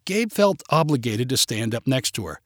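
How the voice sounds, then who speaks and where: A man reading a humorous short story aloud with expressive, lively delivery. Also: medium pitch, moderate pace, no echo, studio quality.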